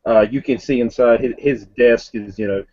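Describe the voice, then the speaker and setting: A man narrating a tabletop game scene in detail, with halting restarts. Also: medium pitch, warm tone, lo-fi sound.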